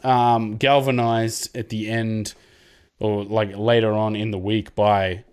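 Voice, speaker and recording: A man's voice: slow, smooth. A man co-hosting a casual sports podcast, chatting loosely and acting out referees in mocking voices. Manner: animated, mimics referees with jumps in pitch. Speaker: podcast co-host.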